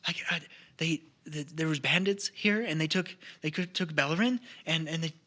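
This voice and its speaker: A man's voice: a little high, pushed and bright. A man doing a frantic, stammering gnome. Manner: stammering, panicked and rushed.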